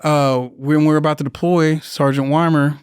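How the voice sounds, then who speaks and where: A man in his thirties tells rambling war stories as a podcast guest, swearing freely and acting out the people he quotes. His voice sits fairly high and comes through smooth and clear. It is recorded close and dry, with no room around it. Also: little pitch movement, normal speed, no echo. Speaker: podcast guest, Marine veteran. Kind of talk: casual storytelling interview.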